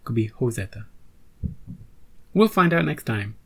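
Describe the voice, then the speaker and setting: A man's voice: mid-range voice, normal speed, vocal fry, slightly rough. A man hosting a reaction channel, chatting casually with rambling asides and joking restarts.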